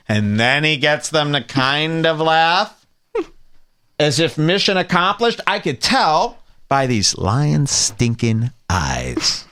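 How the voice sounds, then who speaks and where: Sarcastic male host, bright and animated. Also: on the high side, slow. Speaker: podcast host reacting to a clip. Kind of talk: mocking commentary over a played clip.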